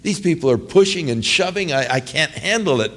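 A man's voice: on the high side, lively intonation, fairly quick, fairly bright tone. A man voicing an exasperated disciple, flustered and incredulous.

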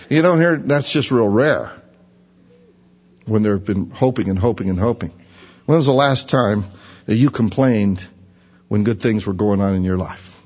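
Husky-voiced man preaching a sermon. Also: moderate pace, a little mellow. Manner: conversational, acts out imagined voices in a higher pitch. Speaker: pastor. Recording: dull reverberant hall sound.

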